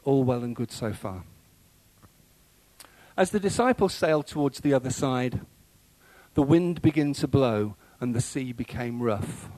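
A man's voice: on the high side, darkish tone, dry recording, low-quality recording. A man preaching a sermon in a conversational way, with frequent fillers and restarts.

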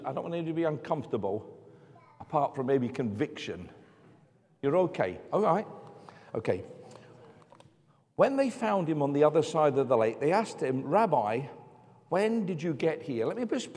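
A man's voice: on the high side, darkish tone. An older man preaching a sermon in a church, conversational and joking as he goes, from England. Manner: conversational with humorous asides. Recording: reverberant church hall.

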